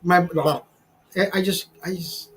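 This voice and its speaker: Host, man in his forties, high voice, foul-mouthed, rambling stories, laughs a lot. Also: level tone, a little slow, a little hiss or hum, poor audio. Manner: profane, rambling, many restarts; calls the listener brother. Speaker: channel host. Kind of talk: casual storytelling over a beer.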